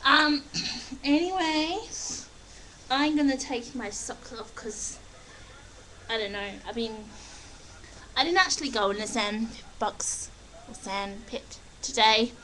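Slow, bright young woman faking American accent. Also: a little high, slight background noise, rough recording. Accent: put-on American accent. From Australia. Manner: rambling, giggly, chatty. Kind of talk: casual webcam vlog. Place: living room at home. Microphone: built-in webcam mic.

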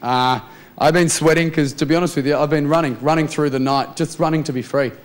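A man's voice: a little high, steady tone, brisk, a little hiss or hum. An Australian man doing a chatty, self-mocking stand-up set in a TV studio. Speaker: stand-up comedian. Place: TV studio with live audience.

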